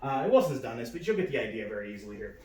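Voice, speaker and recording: Casual dog trainer, echoey and distant. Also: male voice, big pitch swings, racing, darkish tone. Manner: casual, many fillers, raises pitch for praise voice. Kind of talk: instructional demonstration.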